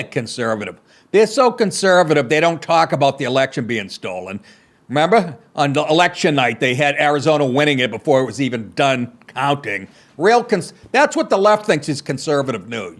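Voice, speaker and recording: A man hosting a comedy podcast, ranting in a profane, sarcastic, exasperated way, swinging between loud outbursts and muttered asides. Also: medium pitch.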